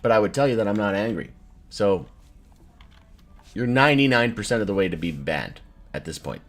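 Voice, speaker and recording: Loose, profane man in his thirties, lively pitch. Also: normal speed. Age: 30s. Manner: loose, profane, laughs often, swings between joking and irritated. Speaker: livestream host reading chat. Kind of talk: casual live stream chat.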